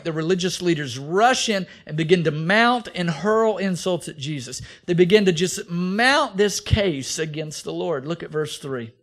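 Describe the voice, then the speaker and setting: Animated male preacher, fairly high voice. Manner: animated preaching, acts out biblical figures with raised voice. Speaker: pastor. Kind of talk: expository sermon.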